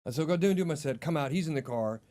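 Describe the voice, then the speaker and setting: A man's voice: on the high side, lively intonation, rapid-fire, dark tone. A male comedian in casual chat, swearing freely and telling stories with acted-out quotes. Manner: profane, storytelling with acted quotes. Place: studio.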